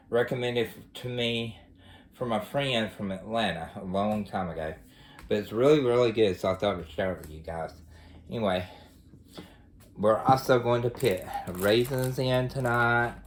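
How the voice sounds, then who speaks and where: Guy, folksy home cooking host, lowish voice, chatting to the folks from his kitchen. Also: a little hiss or hum. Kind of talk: casual cooking demonstration.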